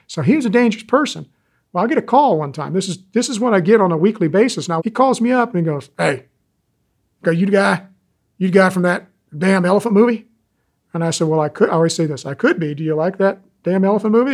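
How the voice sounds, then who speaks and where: A man in his sixties, an animal rescuer telling stories in an interview, animated and folksy. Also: a little high. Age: 60s. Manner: animated, folksy storyteller, acts out quoted callers. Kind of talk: interview talk, storytelling.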